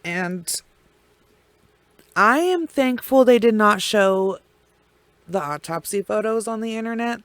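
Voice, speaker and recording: A woman telling a true crime case in casual, blunt language full of swearing and heavy pauses. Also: medium pitch, animated, no room sound.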